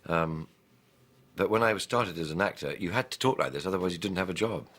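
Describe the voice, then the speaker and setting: A male actor speaking in a measured way with received pronunciation. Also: deep voice, expressive, fairly bright tone.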